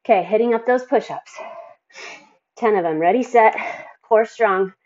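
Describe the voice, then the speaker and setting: A woman's voice: medium pitch, moderate pace, darkish tone, muffled recording. A woman fitness instructor coaching a workout, counting reps and encouraging, sighing and a bit out of breath between exercises.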